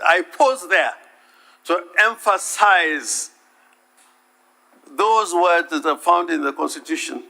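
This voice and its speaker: Man with a gravelly, bright voice. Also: sits high, steady tone. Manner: deliberate, emphatic, repeats key words. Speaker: counsel addressing the Senate. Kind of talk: formal legal submission. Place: legislative chamber.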